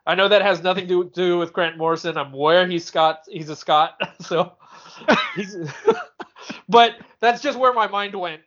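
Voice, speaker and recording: High-voiced man, rambling podcast chat. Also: a little slow, fairly bright tone, dull audio. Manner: rambling, laughs often, fumbles for words. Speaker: podcast co-host. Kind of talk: casual chat.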